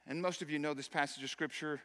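A man's voice: on the high side, fairly even intonation, fast, a bit bright. A man, a pastor, giving an emphatic, impassioned sermon. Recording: long hall reverb.

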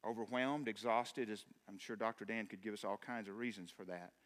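Man preaching, emphatic, sharp bright voice, echoing sanctuary. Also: lowish voice, steady tone, brisk. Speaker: pastor. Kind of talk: sermon. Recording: long hall reverb.

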